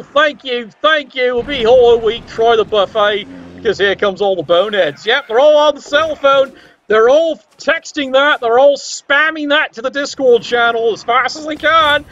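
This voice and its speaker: A man's voice: extremely high pitch, moderate pace, a bit bright, muffled recording. A man commentating a tabletop sports game with wry, sarcastic asides.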